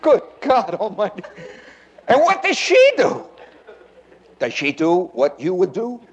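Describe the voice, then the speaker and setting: In a high voice and an unhurried rhythm, a man performs a stand-up routine, animatedly telling stories, laughing often, and tossing rhetorical questions at the crowd. The sound is lo-fi.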